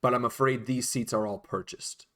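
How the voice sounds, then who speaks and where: A man's voice: mid-range voice, fairly even intonation, normal speed, bright, forceful tone, natural voice. A man voicing a prim, polite male attendant with formal, stammering manners in a tabletop game.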